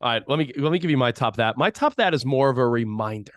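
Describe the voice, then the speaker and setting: A man co-hosting a parenting podcast, chatting casually and telling animated stories about his kids. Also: mid-range voice, quick pace, no room sound, studio quality. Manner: animated storytelling, acts out his kids' voices. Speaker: podcast co-host. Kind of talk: casual chat.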